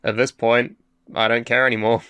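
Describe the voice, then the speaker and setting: A man's voice: medium pitch, flat delivery, moderate pace, over a noisy crowd. A man co-hosting a casual podcast chat, blunt and sarcastic. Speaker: podcast co-host.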